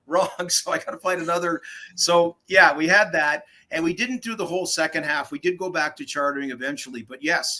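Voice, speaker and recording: An older man speaks with a bright, keen edge and a slightly high pitch. He tells animated anecdotes as a guest in a casual interview. He slips into the voices of the people he quotes. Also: low-quality recording. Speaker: guest, veteran hockey broadcaster.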